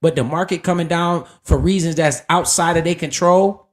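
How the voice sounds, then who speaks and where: A man's voice: fairly high pitch, moderate pace. A man streaming live, casually talking about investing in a profane, hyped and preachy way.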